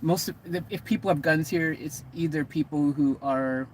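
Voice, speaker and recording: A man's voice: on the high side, normal speed, slight background noise, low-quality recording. An American man vlogging from vanlife, chatting casually to camera in a meandering, self-correcting way. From United States. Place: living in a vehicle.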